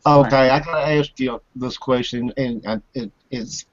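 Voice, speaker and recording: A man's voice: mid-range voice, steady tone, moderate pace. A man hosting a radio show, asking his guest questions in a hesitant, apologetic way. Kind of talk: interview questions. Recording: dry, muffled lo-fi audio.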